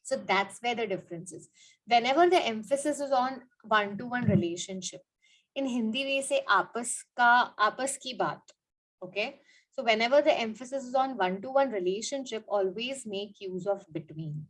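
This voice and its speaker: A woman with a slightly high, lively voice teaches grammar at a moderate pace, explaining with examples on a low-quality recording. She's an English teacher who repeats her points, asks questions as she goes, and often says "okay" and "you know."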